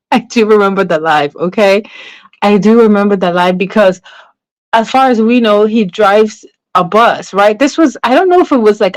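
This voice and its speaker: A woman with a medium-pitched voice hosts a casual gossip livestream on online drama, recorded without echo. She often adds "right?" to her lines and welcomes chat viewers partway through her stories.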